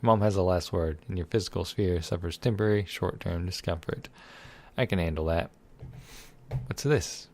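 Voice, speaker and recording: A man's voice: low-pitched, moderate pace, darkish tone, slight background noise. A man reading a text game aloud and adding sarcastic, irreverent commentary, swearing freely. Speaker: let's play gamer.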